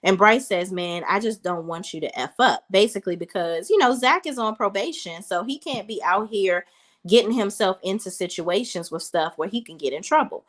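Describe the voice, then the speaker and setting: Woman in her thirties, casual recap host, chatty and direct with her viewers, mid-pitched voice. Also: expressive, moderate pace. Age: 30s. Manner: chatty, talks straight to viewers as y'all. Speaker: reality TV reviewer.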